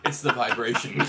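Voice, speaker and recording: A young man chatting casually, telling sweary stories at an unhurried pace and giggling often. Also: on the high side, background noise. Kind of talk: casual chat. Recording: background chatter.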